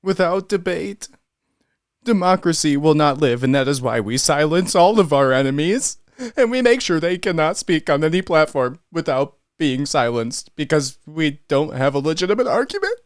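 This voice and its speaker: A man's voice: fairly high pitch, animated, moderate pace, no room sound, clean studio sound, natural voice. A man doing a sneering press-secretary woman. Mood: mocking. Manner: sarcastic, exaggerated.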